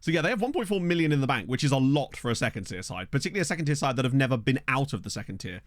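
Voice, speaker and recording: A man's voice: mid-range voice, big pitch swings, rapid-fire, dry recording. A man streaming a game, chatting casually and thinking aloud as he talks to his viewers. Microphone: desk microphone.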